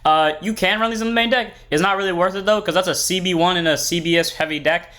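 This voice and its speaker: A man's voice: high-pitched, fast, bright, forceful tone. A young man hosting a card game channel, giving a rambling, upbeat deck review with frequent self-corrections. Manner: upbeat and enthusiastic.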